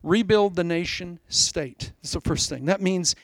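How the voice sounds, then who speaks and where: Guy preaching a sermon, highish voice with lots of gravel, really animated storyteller. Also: unhurried, no echo, clean studio sound. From Iowa.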